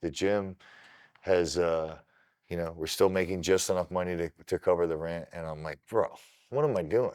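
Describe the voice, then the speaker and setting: A middle-aged man from Ohio, a kickboxer guest on a podcast, telling his story in an animated, casual way and swearing freely. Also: low voice, moderate pace, clean tone, no room sound, clean studio sound.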